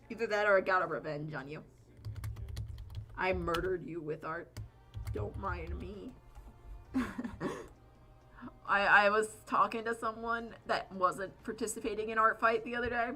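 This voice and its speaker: Female streamer, bright voice; loose, chatty, profane live-stream banter while drawing. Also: medium pitch. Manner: rambling, chatty, swears freely.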